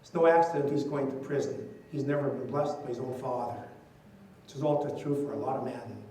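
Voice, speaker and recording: Older priest preaching in an echoey hall. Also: male voice, mid-range voice, fairly even intonation, a little fast, dark tone, slight background noise. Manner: conversational, storytelling, frequent "you know" asides. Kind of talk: conference talk with stories. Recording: distant mic in an echoey hall.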